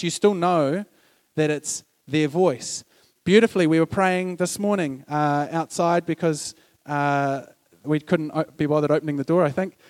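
A man with a high, light voice preaching a sermon in a conversational, storytelling way. He acts out snippets of dialogue and throws questions to the congregation. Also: a little mellow.

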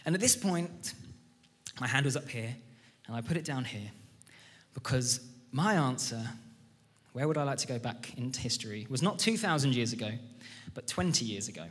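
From the pulpit, a man tells stories in an enthusiastic, conversational sermon. His medium-pitched, slightly bright voice is expressive, at normal speed with long pauses, echoing through a reverberant church hall.

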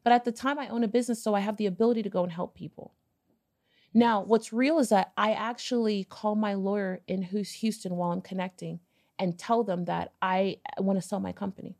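A woman guest on a podcast, telling a personal story in a casual, animated way, acting out bits of dialogue and swearing now and then. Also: medium pitch, fairly quick. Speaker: podcast guest, business owner.

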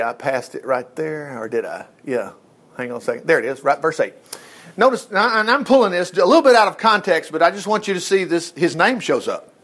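Folksy guy teaching the bible, kinda high pitched, real animated. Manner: folksy and animated, reads verses aloud and comments on them.

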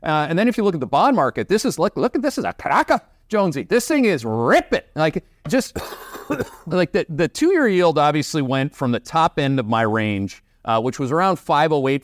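A man's voice: fairly high pitch, no echo, clean studio sound. A Canadian man hosting a market commentary show, talking bluntly and emphatically with many fillers. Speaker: investment show host.

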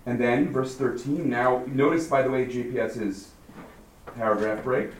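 A man teaching a text study class, thinking out loud and firing questions at his students. He sounds far from the mic in a roomy room with a faint hiss behind him. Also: mid-range voice, measured pace. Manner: lively, questioning, thinks aloud.

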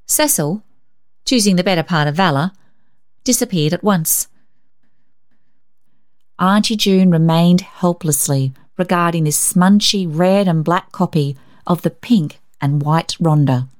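Brief: woman reader, lowish voice, gentle and expressive storybook narration. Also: unhurried.

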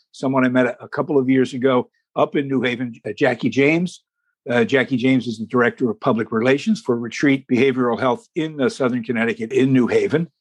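Male host, husky, dry close sound, folksy and deliberate. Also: medium pitch, dry recording. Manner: folksy, deliberate, slows for emphasis. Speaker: talk show host. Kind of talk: hosting an interview show.

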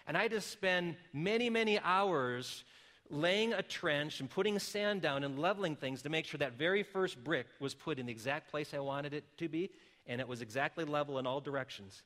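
A middle-aged man delivers a sermon in a bright, clear voice pitched a little high. He moves from calm, careful explanation to loud, emphatic calls. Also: normal speed. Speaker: pastor.

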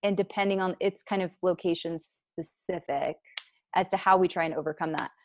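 A woman's voice: fairly low pitch, fairly even intonation, moderate pace, darkish tone, slight background noise. A woman who leads a nonprofit program, answering interview questions in an earnest, explanatory way with many fillers.

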